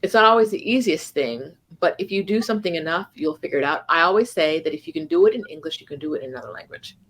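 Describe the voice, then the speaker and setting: A woman co-hosting a casual chat, telling animated stories peppered with "like" and "right?". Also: sits low, quick pace. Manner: animated storytelling with lots of "like" and "right?". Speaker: co-host. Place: home in Mexico City.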